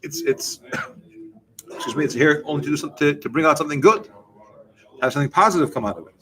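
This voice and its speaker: Man giving an animated Torah class. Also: on the high side, brisk, rough recording. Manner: animated, explaining with questions and answers. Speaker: rabbi.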